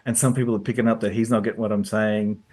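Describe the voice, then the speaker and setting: A man's voice: fairly low pitch, little pitch movement, fast, darkish tone. A man, co-hosting a podcast in casual, thoughtful chat, laughing often. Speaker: podcast co-host.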